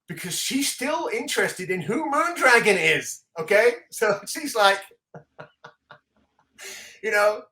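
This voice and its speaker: A man hosting a casual comic book podcast, excitedly walking through the pages and laughing often. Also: high voice, takes it slowly, pauses often. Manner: excitable, laughing often, reads dialogue aloud. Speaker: comic book show host. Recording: echoey room.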